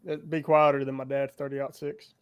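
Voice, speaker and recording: Smooth-voiced chatty podcast host, a man. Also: mid-range voice, level tone, normal speed, lo-fi sound. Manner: rambling, filler-heavy. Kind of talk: casual chat.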